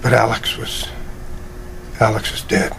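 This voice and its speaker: Tired ex-cop in a movie clip, very gravelly, faint ambience. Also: male voice, lowish voice, level tone, a little slow, fairly bright tone, a little hiss or hum, full character voice. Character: weary grieving ex-cop man.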